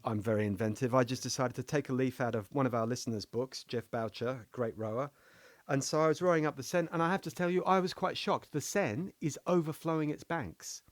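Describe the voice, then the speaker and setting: A man's voice: medium pitch, a little fast, no room sound. A man from England co-hosting a casual philosophy podcast, telling playful jokey stories. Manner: playful, joking storyteller. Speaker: podcast co-host.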